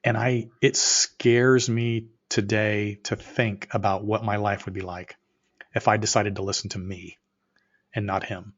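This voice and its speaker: A middle-aged man, an entrepreneur guest on a podcast, telling a story with energy and acting out both sides of the dialogue, sometimes rising to near shouts. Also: on the low side, level tone, a little slow. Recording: muffled, slightly lo-fi audio.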